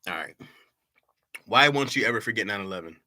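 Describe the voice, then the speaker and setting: A man's voice: on the low side, expressive, brisk, bright, forceful tone. A man reading his old jokes aloud to a live chat in casual talk, laughing at them and mocking himself.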